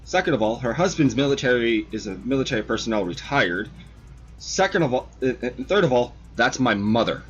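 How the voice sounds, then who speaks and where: Profane man spinning lively stories. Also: medium pitch, brisk, breathy edge, lo-fi sound. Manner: profane, animated storyteller. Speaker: host of a model-building stream. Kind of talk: casual storytelling chat.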